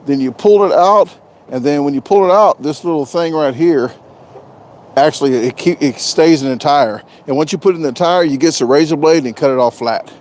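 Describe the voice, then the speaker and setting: A man's voice: fairly high pitch, normal speed, darkish tone, a little hiss or hum. A man chatting casually on a live stream, rambling and joking, often repeating himself. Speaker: vlogger doing a live stream.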